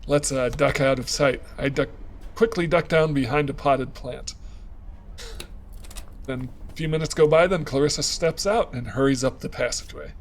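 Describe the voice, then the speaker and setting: A man's voice: mid-range voice, moderate pace. A man narrating his moves in a story game, thinking aloud and reading out choices. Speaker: let's play streamer.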